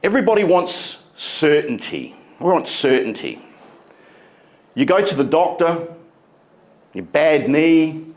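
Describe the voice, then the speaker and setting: A man giving a motivational keynote speech on a conference stage, emphatic and deliberate, stretching key words. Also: on the high side, sing-song. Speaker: keynote speaker.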